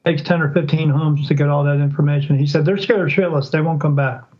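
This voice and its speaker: A fast-talking man with a fairly high voice tells a story, though the recording loses its highs. As a psychic guesting on a podcast in a casual interview, he gets animated and shifts voices to act out quoted speech.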